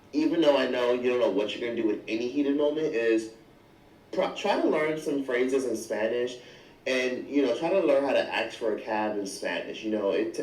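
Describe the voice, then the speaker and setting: A man vlogging, telling travel stories in a casual, animated and blunt way with some swearing. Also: medium pitch. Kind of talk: casual storytelling to camera. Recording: echoey room, distant from mic.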